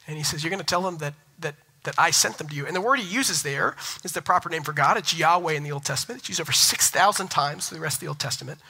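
Bright-voiced young male pastor preaching. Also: on the high side, quick pace, creaky, hardly any pauses, breathy edge, low-quality recording. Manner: animated storytelling, rising loud when excited. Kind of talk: sermon.

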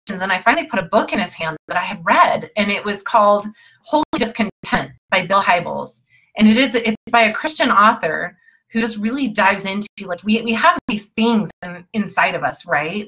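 A woman's voice: mid-range voice, fairly bright tone, muffled recording. A woman coaching listeners in an earnest, emphatic motivational talk, often repeating her phrases.

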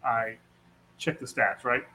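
A man's voice: mid-range voice, takes it slowly, bright, forceful tone. A man co-hosting a podcast, chatting casually and dropping dry, wry asides. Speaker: podcast co-host. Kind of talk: casual chat.

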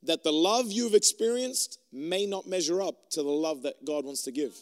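A man preaching a sermon to a room of people, animated and joking, and talking in a loose conversational way. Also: a little high, normal speed, big-room sound. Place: room with an audience.

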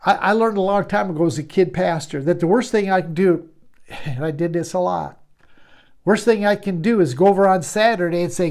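A man's voice: sits high, a little fast, a little mellow. A man preaching a sermon as a pastor, conversational, often repeating words and restarting phrases.

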